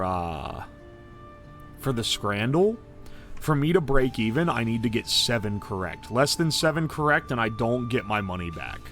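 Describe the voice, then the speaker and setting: A man streaming a game live, reading out ingredient lists and swearing in loud disbelief, then making himself talk calmly. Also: mid-range voice. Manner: excitable and profane, swearing and yelling in disbelief. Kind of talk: live-stream gaming commentary.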